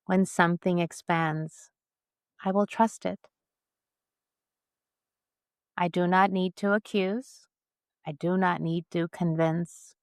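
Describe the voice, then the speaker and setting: A middle-aged woman co-hosting a podcast, speaking in a slow, measured, reflective way and leading a spoken closing prayer. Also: fairly low pitch, no room sound, studio quality. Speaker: podcast co-host.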